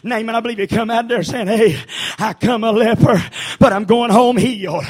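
A man preaching a sermon as pastor, swinging between shouted refrains and quieter storytelling. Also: high voice, normal speed, few pauses, some chatter behind. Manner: shouting, chanting preacher with sudden hushed storytelling.

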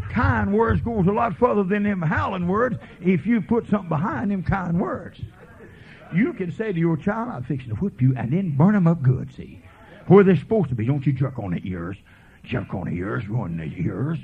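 A man preaching a revival sermon as a folksy evangelist, swinging from quiet murmurs to fervent preaching. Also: sits high, very animated, moderate pace, creaky, slightly rough. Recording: tinny lo-fi sermon tape.

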